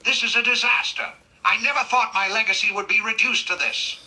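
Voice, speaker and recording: Synthetic voice as a fussy cartoon detective, middle-aged man, very bright sharp tone, huffy complaints. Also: medium pitch, fairly quick, faint music behind, low-quality recording. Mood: exasperated. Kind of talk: AI character chat role-play.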